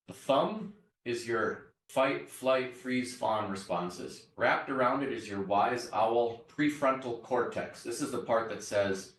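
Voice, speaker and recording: A man's voice: medium pitch, a little slow, fairly bright tone. A man lecturing to a university class. He explains step by step and often checks in with the students by asking "right?". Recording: echoey classroom, mic far off.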